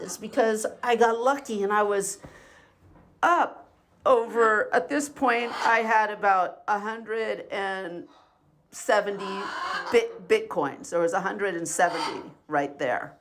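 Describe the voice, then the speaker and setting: A woman's voice: medium pitch, slow pace, a bit bright. A middle-aged woman venting in a personal video diary, profane and sarcastic as she rants. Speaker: vlogger. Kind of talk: angry personal venting monologue. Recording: faint background noise and clicks.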